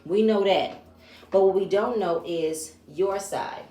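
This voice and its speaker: A woman gives a chatty, opinionated recap of a reality show episode, retelling scenes in her own words as a casual review. Her voice is medium-pitched and dark, and she takes her time. The recording has an echoey room sound.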